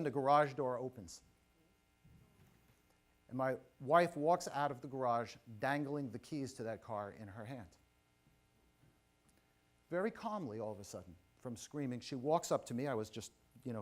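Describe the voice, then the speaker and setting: A middle-aged man giving a motivational keynote at a conference, telling a personal story with quick asides and questions to the audience. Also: mid-range voice. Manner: animated, audience-engaging, personal anecdotes with asides. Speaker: keynote speaker. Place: conference stage before a live audience.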